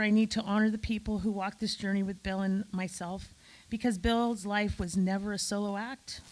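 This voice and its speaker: A woman's voice: mid-range voice, poor audio. A woman giving an emotional, effusive eulogy at a memorial gathering, speaking straight to friends in the room.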